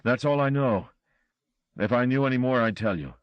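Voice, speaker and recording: A man's voice: mid-range voice, moderate pace, clean tone, dry recording, highs cut off, voice pushed up, close to an everyday voice. A man voicing a frightened, blustering male chauffeur who insists and pleads. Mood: scared.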